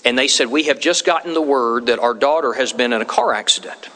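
Folksy preacher in an echoing church. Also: male voice, medium pitch, a little fast, bright, forceful tone. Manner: folksy storytelling with acted quotes. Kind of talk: sermon. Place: church sanctuary. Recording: long hall reverb.

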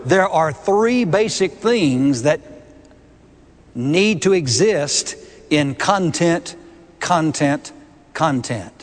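A man's voice: high voice, a bit bright, long reverb tail. A man preaching a sermon, emphatic and repeating key words with rising force.

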